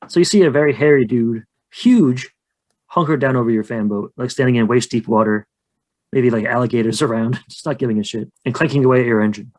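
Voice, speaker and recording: A man's voice: mid-range voice, fairly quick, a little mellow. A man co-hosting a podcast, casually narrating his moves in a tabletop role-play and joking in a chatty, rambling way. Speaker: podcast co-host and player.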